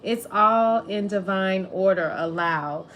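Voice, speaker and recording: A woman's voice: medium pitch, takes it slowly, fairly bright tone, a little hiss or hum. A woman giving a spiritual tarot reading to her viewers, rambling and emotional, with many "like"s. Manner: rambling, emotional, says "like" often. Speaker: tarot reader.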